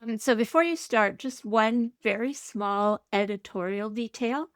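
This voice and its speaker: A woman co-host chats on a podcast, speaking precisely and taking care with exact wording. Her voice sits a little high. She is recorded close and dry. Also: unhurried, no echo. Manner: precise, corrects word use. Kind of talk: casual podcast chat.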